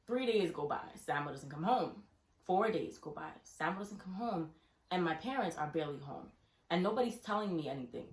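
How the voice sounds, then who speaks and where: A young woman telling a family story casually, acting out her younger self's questions and laughing through the worst parts. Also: medium pitch. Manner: animated, acts out her younger self in quoted questions. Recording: echoey room.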